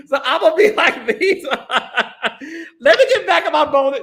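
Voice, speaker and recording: A male podcast host in casual chat, playful and laughing often, sometimes dropping into a deeper put-on voice. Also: sharp tone.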